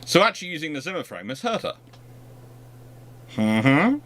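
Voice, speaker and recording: A man's voice: on the high side, sing-song, normal speed, fairly bright tone. A man hosting a livestream, chatting casually and rambling with frequent restarts. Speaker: host.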